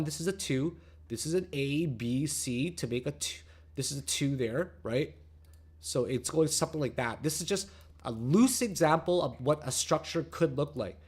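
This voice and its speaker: Man, brash and profane, slightly high voice, crypto trading host, rants then explains charts. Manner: brash and crude, shouting and laughing at viewers; calmer, lower explanatory tone while reading charts. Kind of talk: profane, excitable market commentary.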